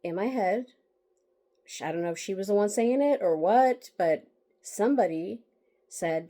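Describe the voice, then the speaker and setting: A woman author recounts a bitter personal story in an open vlog monologue about her book, emotional and rambling with fillers and restarts. Her medium-pitched, dark voice is expressive, moderately paced, and often pauses, broken by sighs and wry laughs.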